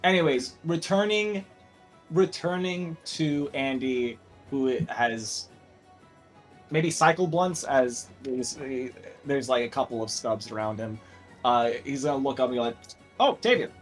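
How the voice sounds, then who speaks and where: A man's voice: mid-range voice, unhurried, faint music behind. A young man narrating a tabletop game as game master, rambling with fillers and restarts.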